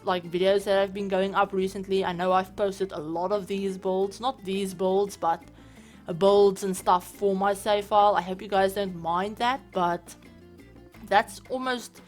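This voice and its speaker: A woman talks in a loose, chatty voice-over, circling back and restarting her thoughts with plenty of fillers. Her pitch sits in an ordinary middle range. Soft music plays faintly under her voice. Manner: rambling, lots of "like" and restarts. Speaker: Sims building channel host. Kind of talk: casual voice-over commentary.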